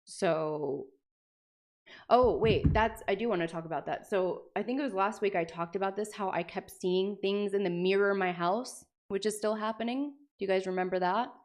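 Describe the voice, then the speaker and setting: A young woman chats on her livestream, reading passages aloud and breaking off with animated, sweary jokes. Her talk is loose and casual, with quick reactions to the text. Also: mid-range voice. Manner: animated, swearing, jokey asides. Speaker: streamer.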